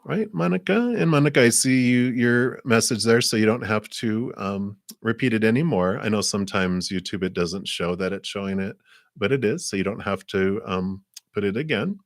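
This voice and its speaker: A man hosting a live card reading stream, reading messages in a gentle, slow, reflective way. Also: on the low side, expressive, no echo, studio quality. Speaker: card reader.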